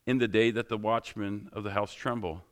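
A man's voice: on the low side, steady tone, moderate pace. A middle-aged man, a pastor, giving a sermon in a conversational, joking style full of rhetorical questions.

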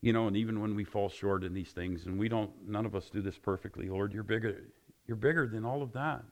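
A male pastor preaching with passion, closing his sermon in prayer and getting louder and higher when excited. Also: fairly quick. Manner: passionate, rising loud and high when excited.

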